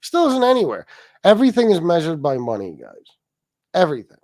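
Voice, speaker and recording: A man's voice: on the high side, wildly swooping pitch, a little fast, a little mellow, no echo, clean studio sound. A middle-aged man hosting a livestream, ranting and mocking a rival with heavy swearing and asides to viewers. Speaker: livestream host. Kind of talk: casual profane rant.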